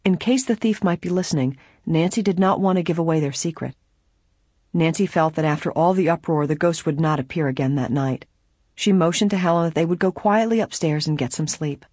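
A narrator reading a mystery novel aloud in a steady, even storytelling manner. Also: mid-range voice, a little fast, breathy edge, no echo, clean studio sound.

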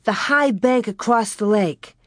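A bright, eager young girl calls out breathlessly, her voice lifting high with urgency, as a woman reads her in a storybook. The delivery is slow and the sound dry and close. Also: dry recording. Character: eager young girl, brave big sister.

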